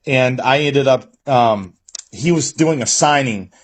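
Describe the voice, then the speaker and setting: A husky man in his regular radio-host role, talking in a relaxed, unpolished way. He rambles through anecdotes with plenty of swearing and stumbles, at an ordinary middle pitch. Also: slow pace. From United States. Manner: loose, profane storytelling with many restarts. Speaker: radio interviewer. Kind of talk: casual chat.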